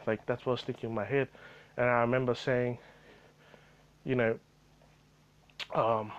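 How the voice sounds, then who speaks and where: A man's voice: medium pitch, little pitch movement, moderate pace, pauses often, highs cut off. A man telling a rambling story about his retail job in a casual vlog, full of fillers and swearing.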